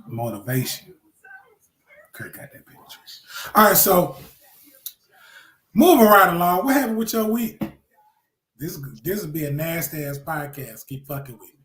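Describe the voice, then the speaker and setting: A man's voice: fairly high pitch, very animated, normal speed, long pauses, fairly bright tone. A man hosting a podcast, bantering in a loose, joking, crude way. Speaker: podcast host. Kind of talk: casual podcast chat. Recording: echoey room.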